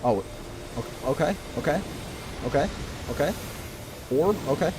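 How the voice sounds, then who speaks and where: A man streaming a game live, talking excitedly to his viewers and teasing himself about his play. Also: a little high, measured pace, noisy background. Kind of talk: live gameplay commentary.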